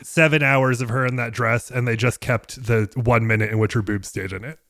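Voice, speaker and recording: A man's voice: mid-range voice, fairly even intonation, normal speed, vocal fry, fairly bright tone, dry recording, studio quality. A man co-hosting a casual film discussion, rambling with restarts and many fillers. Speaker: podcast co-host.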